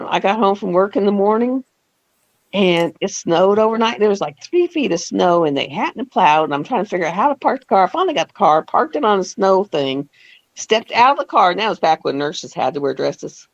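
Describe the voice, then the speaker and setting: A woman's voice: fairly low pitch, expressive, moderate pace, dry recording, highs cut off. A woman in her fifties hosting a live stream, telling stories in a chatty way with laughs and acted-out quotes. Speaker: host. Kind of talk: casual storytelling chat.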